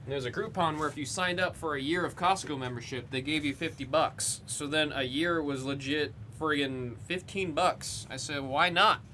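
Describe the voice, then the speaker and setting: A man's voice: on the high side, moderate pace, hardly any pauses, bright, forceful tone, slight background noise. A man hosting a live card break, reading out player names with loose, rambling, joking commentary. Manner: reads out player names as he goes. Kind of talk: live commentary while opening cards.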